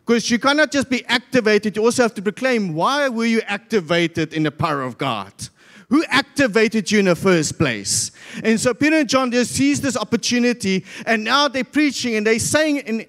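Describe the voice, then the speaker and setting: A man's voice: very high-pitched, animated, moderate pace, fairly bright tone. A South African man preaching a sermon as pastor, telling a Bible story and acting out the crowd's voices. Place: church hall. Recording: long church hall reverb.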